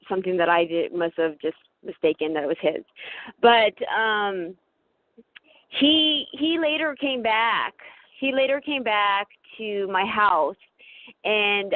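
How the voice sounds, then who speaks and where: A woman's voice: medium pitch, no room sound. Hesitant woman caller on a phone line. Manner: hesitant, stammering, restarts often. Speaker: guest caller. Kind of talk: phone-in podcast conversation. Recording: dry tinny phone line.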